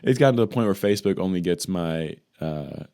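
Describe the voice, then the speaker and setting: A man's voice: low voice, animated, a little fast, creaky, dark tone. A man from Wisconsin co-hosting a podcast, chatting loosely and joking around with his co-host over a video call. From Wisconsin, USA. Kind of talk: casual chat.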